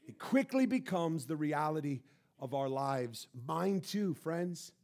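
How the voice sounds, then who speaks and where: A pastor preaching a sermon in a church, impassioned, swinging between loud and hushed. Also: male voice, on the high side, lively intonation, takes it slowly.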